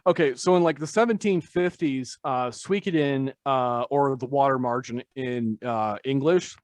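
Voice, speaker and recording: A man's voice: mid-range voice, normal speed, no room sound. Male podcast guest, mid-range voice, dry close sound, loose rambling delivery. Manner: rambling, filler-heavy, self-deprecating. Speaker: tattoo artist guest. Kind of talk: casual podcast conversation.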